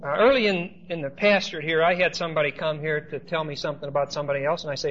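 Man, pastor, conversational sermon, slightly high voice, dull lo-fi recording, faint hiss. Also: steady tone, fast talker, fairly bright tone. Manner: conversational storytelling with asides to the congregation.

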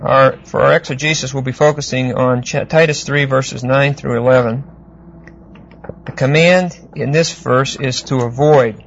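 A man teaching a Bible exegesis class, unhurried and explanatory, often pausing to check that listeners follow. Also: medium pitch, steady tone, vocal fry, slight background noise. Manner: unhurried, explanatory, with frequent fillers and check-ins. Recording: dull lo-fi lecture recording.

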